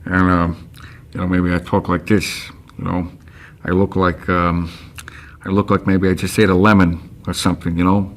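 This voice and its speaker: Menacing mumbling tough guy, very low voice; a man impersonates. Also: level tone, moderate pace, crowd noise, noisy background. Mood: rambling. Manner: mumbling, menacing, mouth pulled down. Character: impression of a gruff tough-guy film star, middle-aged man. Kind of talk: stand-up impression.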